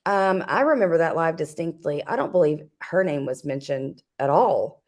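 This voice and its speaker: A woman's voice: low voice, lively intonation, normal speed. A woman co-hosting a casual commentary chat, snarky and conversational, with lots of fillers. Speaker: co-host.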